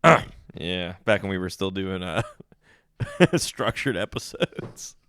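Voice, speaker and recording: A young man co-hosting a casual comedy podcast, teasing his partner with quick deadpan jokes. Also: low voice, clean tone, no echo, studio quality. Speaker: podcast co-host.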